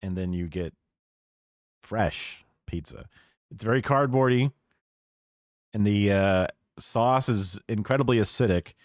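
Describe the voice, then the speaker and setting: A man's voice: on the low side, a little slow, pauses often, dry recording, studio quality. A man streaming live, reacting to a video in a musing, conversational way.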